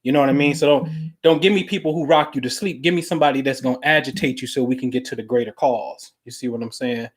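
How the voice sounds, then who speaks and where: A man hosting a show, talking in casual, profane chat, telling stories animatedly and dropping to low mumbles. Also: fairly even intonation, fast talker. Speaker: podcast host.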